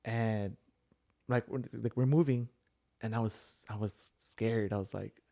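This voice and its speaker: A man's voice: lowish voice, steady tone, unhurried, vocal fry, mellow. A man, telling a personal story in casual chat, full of fillers and restarts. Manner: rambling storyteller with many fillers. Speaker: podcast guest sharing his story.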